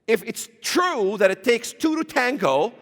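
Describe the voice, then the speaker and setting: High, animated preaching man in a church. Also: a little slow. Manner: emphatic, combative, rising to shouts. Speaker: guest speaker in church. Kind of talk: fiery preaching talk. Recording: reverberant church hall.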